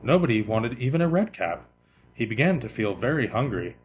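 Lively man reading a children's storybook. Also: medium pitch. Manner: expressive, lively, slowing for effect. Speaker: podcast host reading children's stories.

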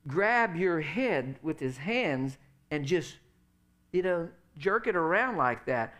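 A man's voice: a little high, a bit bright. A middle-aged male pastor preaching a sermon in a loose, conversational way, peppering his lines with "you know" and "uh.".

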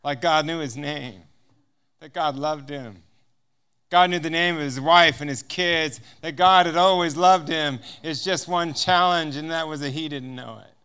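Speaking at a measured pace, this American guest speaker has a fairly high, pushed and bright voice that sounds clear and resonant. He tells a personal testimony, playing out the dialogue and chuckling frequently.

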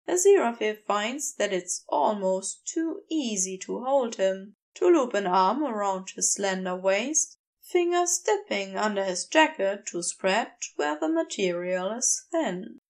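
A woman reading a fan fiction story aloud as an audiobook narrator, in a slow, intimate way. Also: medium pitch, creaky. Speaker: podfic reader.

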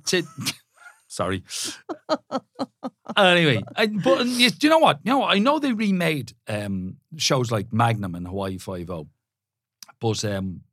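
Lively joking male co-host. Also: mid-range voice, husky, no room sound, studio quality. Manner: teasing, quick to joke, stumbles over words. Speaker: podcast co-host. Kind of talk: casual chat.

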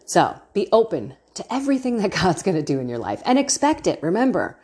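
A woman's voice: on the low side, big pitch swings, brisk, hardly any pauses, mellow, breathy edge. A woman hosting a faith podcast, talking in an earnest, chatty way and laughing often. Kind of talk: casual faith podcast talk.

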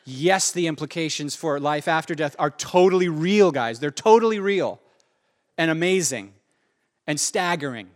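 Male pastor with a high voice and an earnest, conversational preaching style that leans on repetition. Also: normal speed. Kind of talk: sermon.

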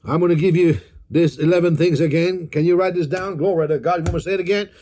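A man's voice: on the high side, steady tone, quick pace, mellow. A man preaching a sermon, leading the congregation in call-and-response, drawing out phrases and repeating declarations with emphasis.

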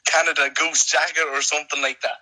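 A man's voice: on the high side, little pitch movement, brisk, bright, forceful tone, poor audio. An Irish man putting on a brash young male townie who bluntly asks for a jacket. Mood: demanding.

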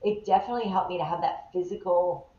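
A woman guest in a podcast interview, telling a story in a lively, animated way and acting out the people in it. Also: lowish voice, fast. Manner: animated, acts out the people in her stories. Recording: roomy, slightly dull sound.

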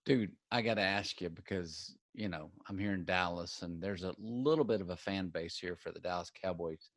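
Laid-back low-voiced male interviewer. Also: normal speed, no echo, studio quality. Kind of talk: casual interview.

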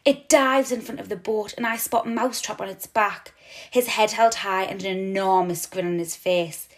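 A woman teacher reading a children's novel aloud with expressive, dramatic narration. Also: medium pitch, normal speed. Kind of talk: storybook reading.

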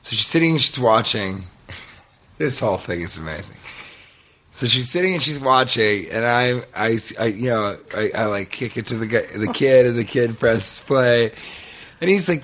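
With a mid-range, fairly bright voice at a normal pace, this male podcast co-host spins a lengthy yarn. The storytelling is loose and rambling, laced with profanity and self-mockery.

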